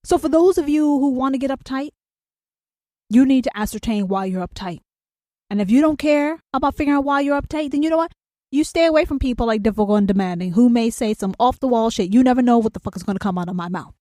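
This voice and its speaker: A fairly high-pitched woman hosting a solo podcast in a dry, close recording. She speaks bluntly and profanely and keeps hammering her points with questions. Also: animated, fast talker, warm tone, no echo. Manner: blunt, profane and emphatic, with repeated rhetorical questions. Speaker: podcast host.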